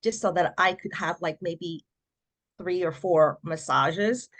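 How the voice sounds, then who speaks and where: A middle-aged woman, a podcast guest, telling her personal story in a lively way and acting out what other people said. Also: on the low side, slow pace. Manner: animated storyteller who acts out quoted voices.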